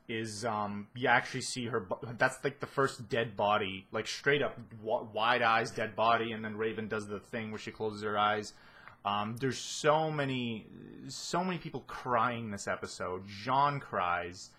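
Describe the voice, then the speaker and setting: A man's voice: medium pitch, fairly bright tone, breathy edge. A man giving a casual spoken analysis of a series, rambling with many restarts and fillers and a sardonic edge. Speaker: video essayist.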